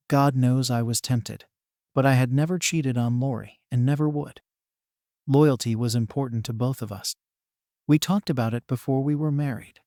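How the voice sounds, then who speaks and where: A man narrating a first-person story in a steady, even read. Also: medium pitch, dry recording, studio quality.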